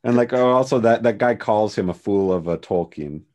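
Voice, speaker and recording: A man co-hosting a casual podcast, speaking haltingly with fillers and easy agreement. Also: lowish voice, darkish tone. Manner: hesitant, many fillers and restarts, agreeable. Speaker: podcast co-host. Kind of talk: casual recap chat.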